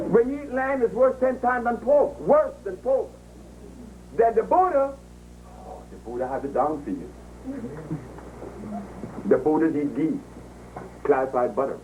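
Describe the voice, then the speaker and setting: A man's voice: on the high side, mellow, distant mic, a little hiss or hum, rough recording. A man giving an impassioned, preaching lecture to a live audience, emphatic and repeating himself for effect. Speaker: public speaker. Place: live event before an audience.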